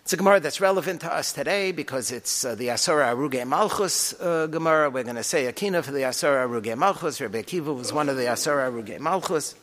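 A man teaching a Talmud class with animated delivery and frequent rhetorical questions. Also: mid-range voice, fast talker, hardly any pauses. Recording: long hall reverb.

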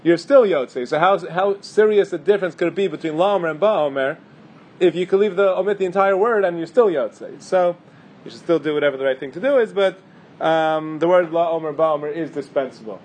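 A man's voice: on the high side, a little fast, a little mellow. A man teaching a casual halacha class, thinking aloud with fillers and restarts. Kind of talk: casual Torah class lecture.

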